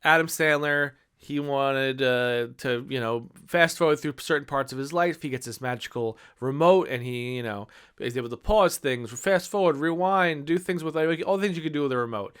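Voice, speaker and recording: A man's voice: on the high side, normal speed, few pauses, fairly bright tone, clean tone. Enthusiastic thirtysomething man reviewing movies. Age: 30s. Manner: enthusiastic, rambling with many fillers.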